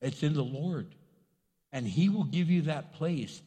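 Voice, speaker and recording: A man preaching a sermon as pastor, in a casual, animated style that acts out quotes. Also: on the high side, unhurried. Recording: long reverb in a large hall.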